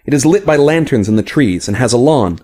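A man's voice: medium pitch, lively intonation, fairly quick, warm tone, natural voice. A man playing a haughty woman officer. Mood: curt. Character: proud scarred woman officer, fierce and touchy.

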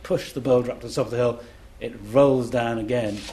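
A middle-aged man with a mid-range, steady, warm voice speaks briskly in a lecture-style talk as a classics scholar on a festival panel. He's enthusiastic, chanting rhythms aloud in syllables to demonstrate them, at a live indoor event.

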